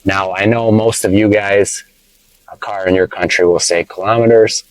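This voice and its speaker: This American English teacher vlogger's casual teaching vlog is shot inside a parked car on a phone camera his wife holds. His lowish voice keeps a steady tone, playful and teasing as he explains slowly with repetition. The sound is dry and close with no echo, though the recording quality is low.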